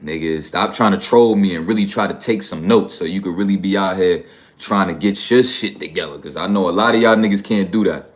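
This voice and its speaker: A man's voice: low-pitched, a little fast. A man from New York hosting a livestream, talking bluntly and profanely in a rambling, casual way. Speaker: livestream host.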